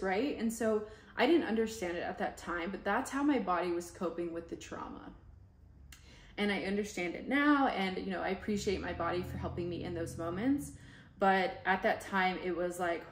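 A woman speaks openly and unguarded as she tells a personal story on a podcast. Her voice sits at an ordinary middle pitch, and her talk is loose and conversational with plenty of casual fillers. The recording has a noticeably echoey, roomy sound. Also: moderate pace. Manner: raw and open, heavy on casual fillers. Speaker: podcast host. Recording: echoey room.

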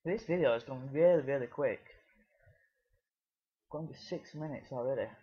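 In a muffled recording, a British man offers casual commentary on a video game, rambling with lots of fillers and false starts. His voice sits at medium pitch, slightly rough, at a moderate pace. He makes gaming videos and comes from the United Kingdom.

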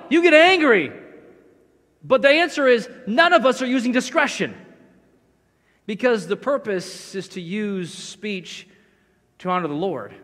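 High-voiced pastor preaching in a reverberant church. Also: male voice, a bit bright. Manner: conversational, self-deprecating storytelling. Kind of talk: sermon. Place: church sanctuary. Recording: long church hall reverb.

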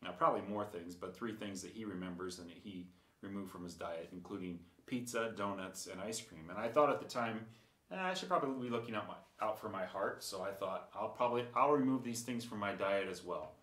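Low-voiced man preaching casually. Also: a little fast, fairly bright tone, echoey room. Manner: conversational, with dry humor and frequent filler words. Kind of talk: sermon.

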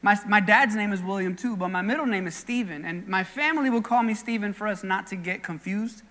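A male pastor with a very high, bright, forceful voice delivers a sermon in an earnest, conversational way, mixing in stories from his own life. His words ring out with the long reverb of a church hall. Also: fairly quick. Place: church sanctuary.

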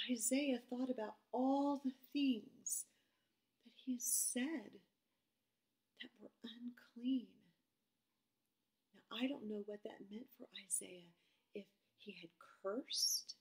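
Brief: woman leading a kids' Bible devotion, slow and expressive, higher voice, whispers for emphasis. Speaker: children's devotion leader.

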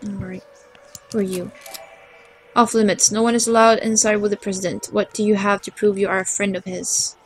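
A woman's voice: medium pitch, level tone, fast talker, hardly any pauses, slightly rough, faint music behind. A woman playing a video game, reading its dialogue aloud and adding casual asides. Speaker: let's play gamer. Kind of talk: casual gameplay commentary.

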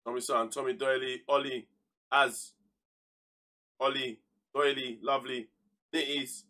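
A man's voice: mid-range voice, level tone, measured pace, long pauses, bright, forceful tone. A young man, casually commentating his football manager game on a live stream, full of slang, flaring into heated outbursts and then dropping to mutters.

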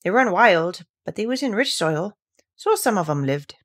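A woman voicing a grumpy old gardener with a gruff, grumbling manner. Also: medium pitch, very animated, normal speed.

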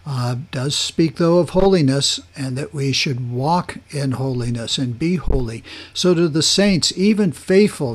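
A man with a fairly high voice teaches a verse-by-verse Bible study at a slow, unhurried pace. He reads scripture aloud, then explains what the words mean, often pausing and restarting his sentences as he thinks.

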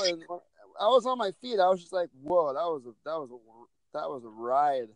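A man with a slightly high-pitched voice tells a story on a casual podcast. He rambles, restarts his sentences and leans on fillers as he goes. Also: animated, brisk, noisy background. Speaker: podcast co-host.

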